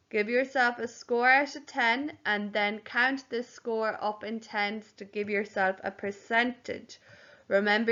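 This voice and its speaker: Slow, careful woman teacher. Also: mid-range voice, fairly bright tone. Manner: slow, spells words out letter by letter. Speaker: primary school teacher. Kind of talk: home learning spelling lesson. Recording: dull lo-fi home recording.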